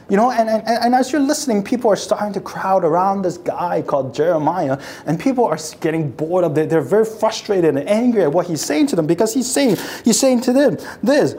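A woman's voice: medium pitch, animated, fairly quick, hardly any pauses, mellow. A woman preaching a sermon, telling the scene as a story and acting out how the crowd reacts, often repeating and restarting words as she builds. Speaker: pastor.

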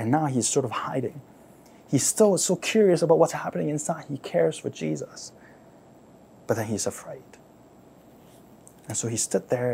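A man preaching, retelling a story dramatically, repeating phrases and asking listeners to imagine the scene, swinging from loud outbursts to near-whispers. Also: on the high side, gravelly, breathy edge. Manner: repeats words and phrases for emphasis; asks listeners to imagine, rhetorical questions. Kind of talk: sermon storytelling.

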